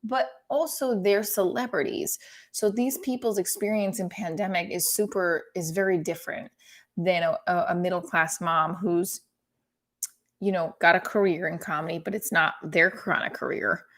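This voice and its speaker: A woman comedian hosting a casual live stream who rambles, swears freely and mocks herself. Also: fairly low pitch. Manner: rambling, profane, self-deprecating.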